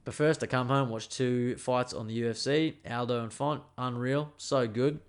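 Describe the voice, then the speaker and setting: A young man hosting a podcast, telling a story in an animated, swearing, casual way. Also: medium pitch, moderate pace, clear, resonant tone. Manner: animated, swears freely, lots of fillers. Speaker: podcast host.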